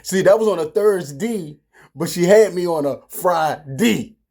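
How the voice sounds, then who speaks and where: A man's voice: high-pitched, fast talker, warm tone. A man in his forties with a Baltimore accent, casually chatting and teasing in a family vlog. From Baltimore, Maryland. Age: 40s. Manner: playful, teasing, laughs often. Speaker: vlogger.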